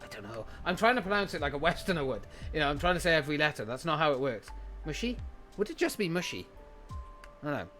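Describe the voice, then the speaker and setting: A man's voice: a little high, expressive, very fast, hardly any pauses, sharp tone, faint music behind. A man streaming casually, chatting with enthusiasm, swearing freely and thinking aloud as he goes through his anime list.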